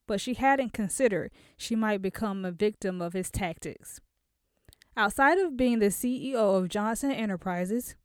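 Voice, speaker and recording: A woman narrating a romance novel in a measured, expressive storytelling manner, close to a studio mic. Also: mid-range voice, clear, resonant tone, dry recording. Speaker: audiobook narrator. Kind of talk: scripted narration.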